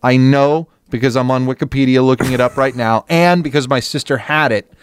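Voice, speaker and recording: A man's voice: fairly quick, clean tone, dry recording. A man co-hosting a podcast, talking in crude casual banter, rambling with restarts. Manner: rambling, restarts, lively pitch swings. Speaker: podcast co-host.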